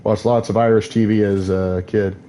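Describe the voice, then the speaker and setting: Rambling gaming streamer. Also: male voice, lowish voice, flat delivery, moderate pace, dark tone. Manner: rambling, opinionated asides with many "like"s. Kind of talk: casual gameplay commentary.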